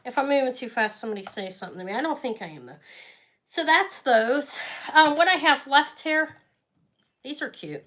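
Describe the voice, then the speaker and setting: A woman's voice: high-pitched, animated, normal speed, fairly bright tone. A woman hosting a live jewelry sale stream, chatting casually and rambling as she talks straight to her viewers.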